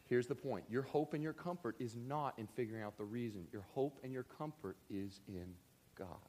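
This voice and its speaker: A man preaching a sermon, speaking earnestly and directly to his congregation and building to emphatic, animated bursts. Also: medium pitch, moderate pace, slight background noise.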